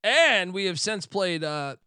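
A man's voice: sits high, sing-song, a little slow, sharp tone, clear, resonant tone, no room sound, clean studio sound, faint music behind. A man hosting a sports betting podcast in casual, rambling chat with loose, profane banter. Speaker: podcast host.

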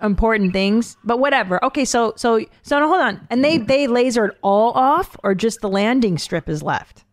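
A woman hosting a casual comedic chat, animated, exclaiming and swearing freely. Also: fairly high pitch, normal speed, hardly any pauses, no echo, clean studio sound. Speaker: podcast host.

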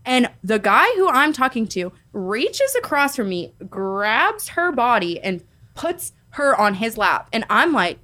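A woman's voice: on the high side, a little slow. Chatty young woman telling a story. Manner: animated, swearing, lots of "like" and restarts. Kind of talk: casual storytelling chat.

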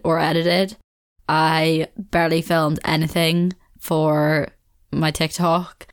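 This young podcast host from Northern Ireland has a smooth, fairly low-pitched voice and a Belfast accent. On her casual solo show she chats in a rambling manner, often breaking into laughter.

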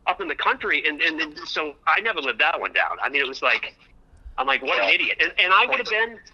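A man calling in to a talk show, telling a long story in an excitable, rambling way and repeating himself. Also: fairly high pitch, a little fast, poor audio. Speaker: guest comedian. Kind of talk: animated storytelling on a call-in show.

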